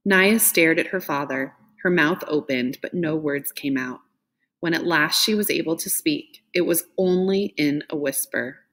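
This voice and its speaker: A woman reads a novel aloud in a fairly low voice. Her delivery is gentle and expressive. She lifts her pitch when the characters speak. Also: a little slow. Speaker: reader.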